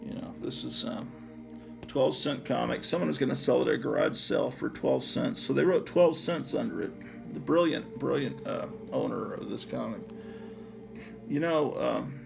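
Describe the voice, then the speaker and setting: This channel host and comic collector has a gravelly mid-range voice and talks at normal speed over background music. He rambles through an offhand show-and-tell of his comics, leaning on many fillers.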